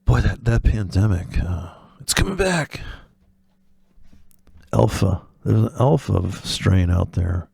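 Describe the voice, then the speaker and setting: A man's voice: on the low side, animated, takes it slowly, gravelly, a little mellow, husky, dry recording, clean studio sound. A man hosting a trading video, talking in a rambling, sardonic, profane way, drifting off on tangents and acting out imagined voices. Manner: acts out imagined voices in quotes. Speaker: forex trading video host. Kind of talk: rambling casual monologue.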